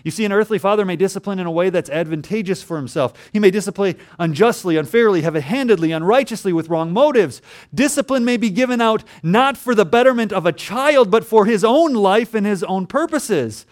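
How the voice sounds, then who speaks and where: Young male preacher, slightly high voice, animated sermon delivery. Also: a little fast. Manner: earnest preaching, rising to emphatic peaks then dropping low. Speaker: pastor.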